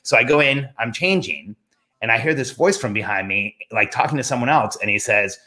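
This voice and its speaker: Bright-voiced man telling a lively story. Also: mid-range voice, fairly quick. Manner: animated anecdote teller, quoting himself in rising voice. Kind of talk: casual storytelling.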